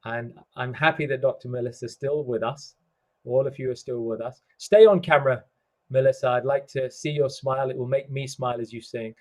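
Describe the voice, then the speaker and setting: A man hosting an online summit on a video call, speaking in a slow, measured way and quoting scripture. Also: mid-range voice, steady tone, darkish tone. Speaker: summit host. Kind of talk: reflective online talk. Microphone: home computer mic on a video call.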